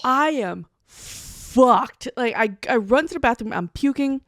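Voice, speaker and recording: A woman's voice: fairly high pitch, animated, a little slow, no echo, studio quality. A woman co-hosting a casual podcast who tells stories bluntly, swears freely and acts out quoted lines. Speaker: co-host. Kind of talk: casual storytelling chat.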